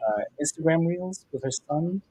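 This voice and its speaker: A man hosting a casual livestream chat, rambling with many fillers and breaking into loud silly bits. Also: fairly high pitch, lively intonation, moderate pace, slightly rough, highs cut off. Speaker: livestream host.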